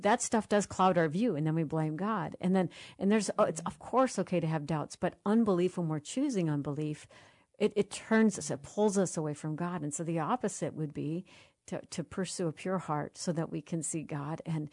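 A woman hosting a faith podcast, speaking in a gentle, heartfelt, reflective way. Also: fairly low pitch, moderate pace, dry recording, clean studio sound. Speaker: podcast host.

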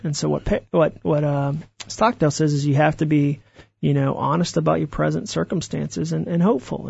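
A man, an author being interviewed, telling stories in an animated way and acting out the voices he quotes. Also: a little high, creaky, slightly rough, no echo, highs cut off. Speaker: author guest. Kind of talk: interview conversation.

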